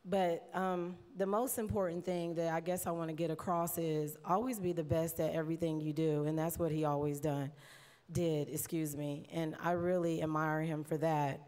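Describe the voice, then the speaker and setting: A woman with a drawl delivers a tribute from a podium, her voice sitting fairly low. She talks in a loose, chatty way, laughing often and getting close to tears. Her words ring out in a large hall with a long reverb tail. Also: clean tone. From United States. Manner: warm, chatty, laughs often, mimics others in quotes. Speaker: award presenter giving an induction speech. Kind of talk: emotional tribute speech at a podium.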